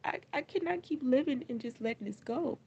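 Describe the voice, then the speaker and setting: A grieving mother talking on a livestream in a raw, halting way, often repeating herself. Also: high-pitched, expressive, a little mellow. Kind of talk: emotional casual livestream talk. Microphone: phone livestream. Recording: dull lo-fi livestream audio, faint noise.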